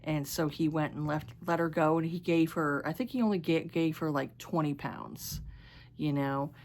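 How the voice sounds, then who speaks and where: A woman's voice: low-pitched, normal speed, darkish tone, a little hiss or hum. A woman vlogger casually recapping a romance novel, rambling with many fillers and restarts, and sometimes stumbling over words. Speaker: book vlogger.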